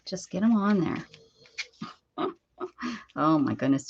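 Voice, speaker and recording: Husky woman chatting on a craft stream. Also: low-pitched, unhurried, long pauses, dull audio. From Pennsylvania, USA. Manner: chatty, laughing, coos baby talk to her dog. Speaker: craft livestream host. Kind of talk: casual live-stream chat while crafting.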